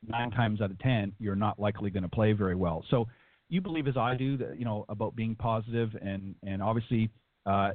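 A man co-hosts a radio interview, feeling his way through each question with plenty of ums and restarts. His voice sits a little low for a man. The sound is dry and phone-thin. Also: dry recording. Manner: hesitant, searching for words. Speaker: radio show co-host. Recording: dry, tinny phone line.

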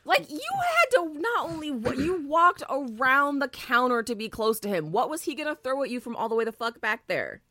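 A woman's voice: sits high, sing-song, normal speed, few pauses, bright, forceful tone, dry recording. A woman co-hosting a casual commentary podcast, blunt and profane with dry asides. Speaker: podcast co-host.

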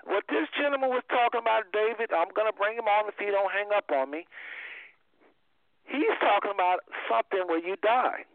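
A man's voice: high voice, moderate pace, vocal fry. A man hosting a call-in Bible study, who teaches emphatically and repeats his key phrases. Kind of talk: preaching Bible teaching over a phone line. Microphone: phone line. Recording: tinny dry phone line.

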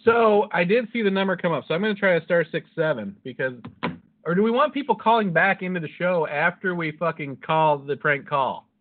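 A man's voice: sits high, a little fast. Profane rambling storyteller man, tinny sound. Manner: rambling, swears constantly, laughs at own jokes. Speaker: podcast co-host. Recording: phone-like lo-fi audio.

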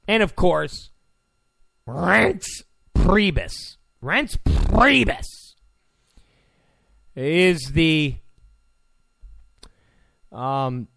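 Combative man ranting with a lively pitch. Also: dry recording, clean studio sound. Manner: combative, repeats phrases for emphasis. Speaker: political commentary host. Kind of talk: ranting political monologue.

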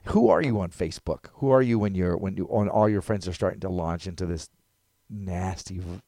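A man's voice: low voice, a little fast, mellow, dry recording, studio quality. A man in casual podcast chat, rambling and reflective, now and then acting out quotes.

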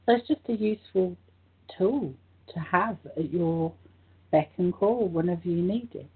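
Husky woman on a tinny line. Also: fairly low pitch, normal speed. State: croaky voice. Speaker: co-host. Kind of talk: spiritual talk show chat.

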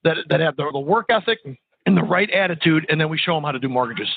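A man's voice: a little high, expressive, gravelly, breathy edge, no echo. A man being interviewed as a company sales executive, talking casually and restarting words often. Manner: rapid, repeats words as he restarts. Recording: tinny phone-like radio audio.

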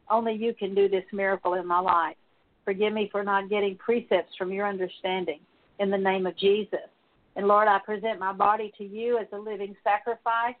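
In a mid-range voice, a woman serving as minister leads a spoken confession prayer, a steady litany of repeated petitions. The audio has a tinny, phone-like quality.

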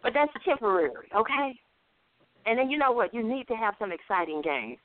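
A woman's voice: fairly high pitch, expressive, fairly quick. A playful woman co-host teases her partners and rolls into rhythmic rhymed rundowns. She comes through a tinny phone line with a dry, narrow sound. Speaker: co-host reciting sports rhymes. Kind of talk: casual radio chat and rhymed rundown.

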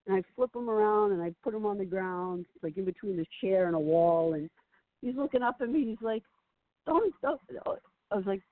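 A woman guest on a phone-in chat show, telling stories with lots of laughter and acted-out quotes. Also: mid-range voice. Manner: animated storyteller, laughs often, acts out quotes. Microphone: phone call. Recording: tinny phone line, dry.

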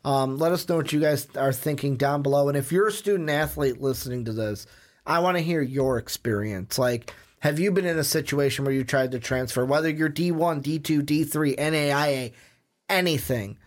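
A man's voice: a little high, moderate pace. Casual, swearing male podcast host. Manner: loose, swears, frequent "um" fillers.

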